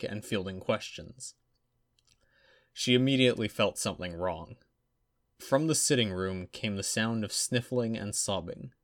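A man with a lowish voice reading a story aloud at a steady, even pace. The sound is close and completely dry, with no room echo. It sounds like an audiobook narration.

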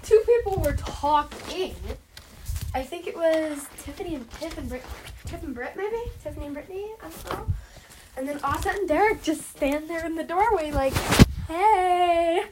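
Excitable fan vlogger, woman, high voice, rambling self-corrections, noisy home recording. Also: a little fast. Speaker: fan recapping a reality show. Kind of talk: excited casual vlog recap.

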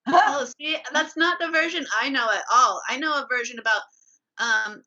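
A woman's voice: high voice, moderate pace, pushed and bright. A woman co-hosting a podcast in casual chat, wisecracking, playful and swearing freely. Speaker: podcast co-host. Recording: dull lo-fi sound.

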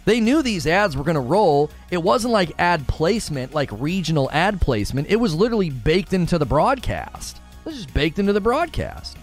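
A man's voice: on the high side, big pitch swings, moderate pace, hardly any pauses, faint music behind. A man streaming and giving a casual, argumentative rant, repeating and restarting his words as he pushes his point.

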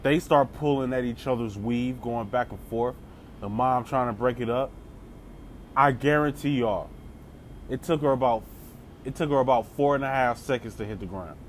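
A man telling a comedic story in a casual, animated way, full of slang and laughing asides. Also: medium pitch, moderate pace, slight background noise.

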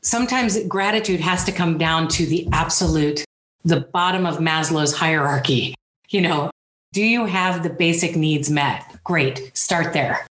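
A woman's voice: low-pitched, a little slow, a bit bright, reverberant. A woman speaking as an interview guest, earnest and rambling, with self-deprecating humor. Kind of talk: candid personal interview.

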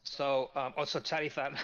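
A man chats casually as a podcast guest, halting often and filling gaps with ums and uhs while he searches for words. His voice comes through a dull, lo-fi recording. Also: medium pitch, little pitch movement, a bit bright. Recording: dull lo-fi audio.

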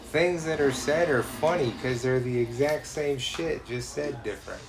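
A man's voice: mid-range voice, normal speed, creaky. Guy cussing and joking while gaming, laid back drawl, slight hiss in the background. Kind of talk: casual gaming chat.

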